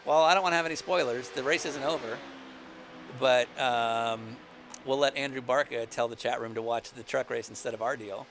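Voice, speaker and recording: A man's voice: mid-range voice, normal speed, background noise. A man co-hosting a casual racing chat over a video call, joking and sarcastic, slipping into mock play-by-play. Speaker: podcast co-host.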